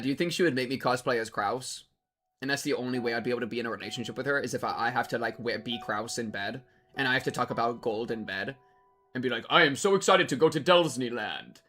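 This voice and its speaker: Excitable young male streamer, bright voice. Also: medium pitch, quick pace, soft background music. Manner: excitable, rambling, jokey, talks to chat; reads game text aloud. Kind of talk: casual game-reaction commentary.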